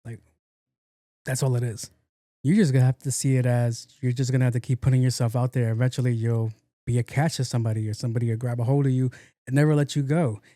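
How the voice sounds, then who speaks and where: A man's voice: medium pitch, flat delivery, quick pace, dark tone, no echo, clean studio sound. A man hosting a solo podcast in casual, blunt, profane talk, joking and acting out the people he quotes. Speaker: podcast host.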